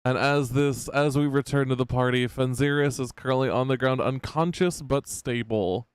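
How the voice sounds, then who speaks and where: A man narrating as game master of a tabletop game, with relaxed, halting narration full of fillers. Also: medium pitch, smooth, no echo.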